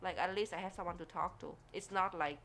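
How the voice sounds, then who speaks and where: A woman from Vietnam, talking in a casual, expressive way for a vlog, with grammar and frequent laughs. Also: lowish voice, fast talker, creaky, crowd noise. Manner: chatty and expressive, laughs often, non-native English grammar. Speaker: vlogger.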